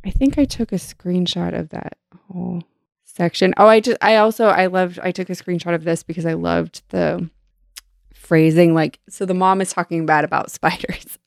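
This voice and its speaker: A woman with a low, gravelly voice talks through a novel she loves, laughing often and now and then reading passages aloud. The recording is dry and close. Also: fairly even intonation, normal speed, no echo. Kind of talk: casual book discussion with read-aloud passages.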